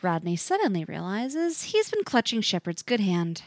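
A woman narrating a fiction story aloud with an expressive, varied delivery. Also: mid-range voice, normal speed, dry recording.

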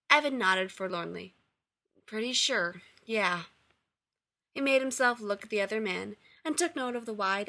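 A woman reading fan fiction aloud in a steady storytelling narration. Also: medium pitch. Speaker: reader.

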